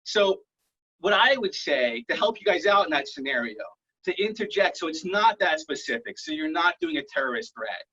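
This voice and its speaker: A man doing a stand-up set over a video call, rambling through self-deprecating jokes in a deadpan way. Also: high voice, moderate pace, vocal fry, slightly rough. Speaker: stand-up comedian. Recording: muffled lo-fi online call audio.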